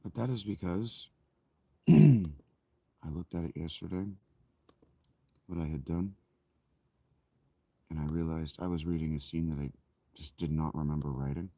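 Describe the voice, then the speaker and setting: Speaking at a measured pace with frequent pauses, a man in his thirties reads his own novel in a casual, musing style, correcting himself as he goes. His deep voice sounds mellow, and there's no room sound at all.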